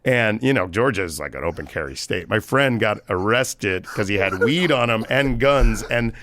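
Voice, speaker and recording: Gravelly man telling a rambling story. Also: lowish voice, expressive, normal speed, a bit bright, no echo. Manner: rambling, lots of "like" and restarts. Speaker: podcast guest. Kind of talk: casual anecdote telling.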